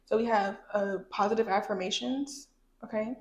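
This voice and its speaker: Speaking at a normal speed with fairly even intonation, a medium-pitched young woman talks her viewers through a tarot card reading in a chatty, direct way. The recording has the echo of a reverberant room.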